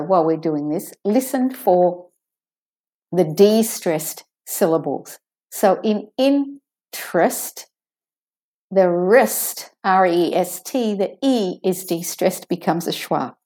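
A woman teaching English pronunciation, patiently saying model words slowly and clearly, then explaining how each should sound. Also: lowish voice, warm tone. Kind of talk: pronunciation lesson.

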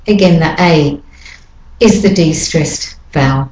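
A woman giving an English pronunciation lesson, saying each word slowly and deliberately twice for learners to copy. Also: low voice, darkish tone, a little hiss or hum. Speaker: pronunciation teacher. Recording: echoey room.

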